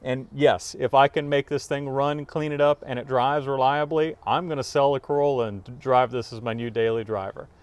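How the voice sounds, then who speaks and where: Garage host guy, easy laughing chat, smooth clean voice. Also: medium pitch, fairly even intonation. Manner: upbeat, quick to laugh, rambling explanations. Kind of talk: casual chat.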